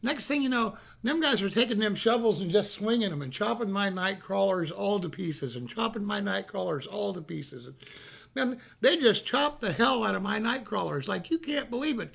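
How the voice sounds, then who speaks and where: Gravelly folksy man. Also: high voice, lively intonation, moderate pace, fairly bright tone. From North Carolina. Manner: rambling, folksy, repeats phrases. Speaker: storyteller. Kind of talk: casual storytelling.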